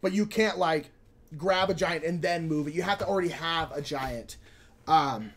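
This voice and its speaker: A man's voice: on the high side, normal speed, fairly bright tone. A man co-hosting a live board game stream, chatting casually, reading viewer comments aloud and explaining rules as he plays. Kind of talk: casual live-stream chat while playing.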